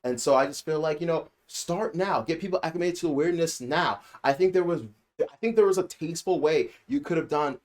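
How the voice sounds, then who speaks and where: A man's voice: a little high, fairly quick. A man hosting a casual spoken anime review, rambling and repeating himself for emphasis. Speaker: anime reviewer and channel host.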